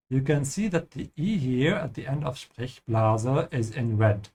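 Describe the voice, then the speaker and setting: A man's voice: mid-range voice, expressive, a little slow, few pauses, a little mellow. A man teaching a language over gameplay, explaining patiently and checking in with the listener with "yeah?".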